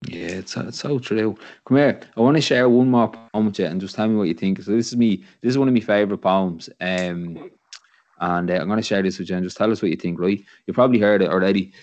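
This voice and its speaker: A man with a Dublin accent, hosting a podcast in relaxed, reflective talk that rambles and keeps checking in with "you know what I mean.". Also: lowish voice, quick pace. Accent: Irish, Dublin. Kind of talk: casual podcast conversation.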